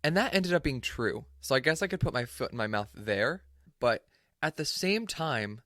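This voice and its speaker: A man's voice: medium pitch, expressive, moderate pace, a bit bright, dry recording, clean studio sound. A man hosting a podcast in a casual chat, playful and self-mocking as he teases his guest. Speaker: podcast host.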